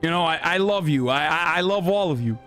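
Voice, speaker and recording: A crude, boastful old politician, as a man mocks him. The voice sits up high and swings in a brash, sing-song way, spitting out profanity. Faint music plays underneath. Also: lively intonation, brisk, fairly bright tone. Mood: rambling. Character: mocking impression of a crude, boastful older male politician.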